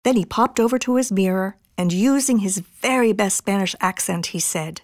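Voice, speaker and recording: A woman reading a children's picture book aloud in an expressive, bouncy storytelling manner. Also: mid-range voice, moderate pace, few pauses, dry recording, studio quality. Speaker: storybook reader.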